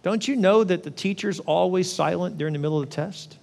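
A male pastor preaching a conversational sermon, often acting out prayers in a lively voice. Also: high voice, fairly quick, vocal fry. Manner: conversational, acts out prayers in an animated voice. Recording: long reverb of a large hall.

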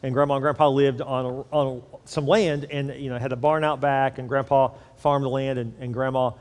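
A man's voice: mid-range voice, flat delivery, a little fast, darkish tone, in a large hall. A man preaching a sermon, telling a story in a loose, conversational way. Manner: conversational storytelling, repeats words. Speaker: pastor.

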